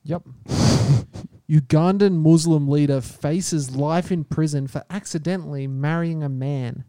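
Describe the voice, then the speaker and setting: Man, podcast co-host, higher mellow voice, dry close sound, laid-back quips. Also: unhurried, dry recording. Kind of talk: casual chat.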